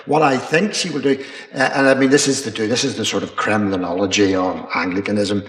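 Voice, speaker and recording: An older man, an archbishop, answering questions at a public dialogue in a measured, rambling way, pausing with ums and restarts. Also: fairly low pitch, steady tone, a bit bright. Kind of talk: unscripted panel answer. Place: college chapel. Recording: echoey chapel with long reverb.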